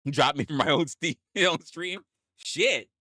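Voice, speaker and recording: A man's voice: fairly high pitch, measured pace, bright, forceful tone, no echo, clean studio sound. A man hosting a livestream, reading chat aloud and reacting with repeated exclamations, swearing and laughter.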